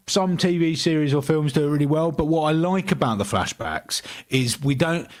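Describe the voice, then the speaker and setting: A man co-hosting a casual podcast review, often restarting his sentences. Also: on the high side. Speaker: podcast co-host.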